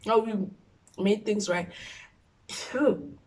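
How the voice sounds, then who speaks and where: A young woman in her twenties with a South African accent, telling a personal story on her vlog in an expressive, animated way. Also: mid-range voice, slow pace, slight background noise. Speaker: YouTuber.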